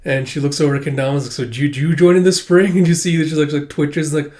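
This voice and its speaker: A man casually recapping a comic chapter, reading the characters' lines aloud with sudden jumps in pitch and loudness, laughing now and then. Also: steady tone, rapid-fire. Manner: casual and chatty, many fillers. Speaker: manga reader and commentator.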